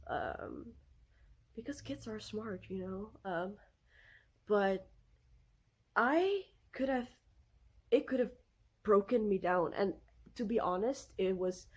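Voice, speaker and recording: A woman's voice: medium pitch, expressive, takes it slowly, long pauses, slightly rough. A young woman vlogging about parenting, telling stories in a casual chatty way with lots of fillers and restarts. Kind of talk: casual storytelling to camera.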